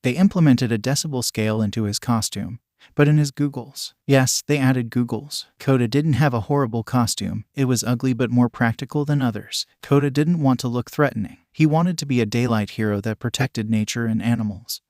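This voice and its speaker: A man narrating a fan story in a plain, even reading voice. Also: mid-range voice, a little fast, no echo, studio quality.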